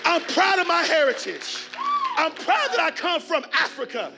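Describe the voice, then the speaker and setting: A man delivering a motivational keynote to a conference crowd, preacher-style, with call and response and shouted refrains. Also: very high voice, animated, normal speed, gravelly, soft background music. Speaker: keynote speaker. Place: large conference hall with audience.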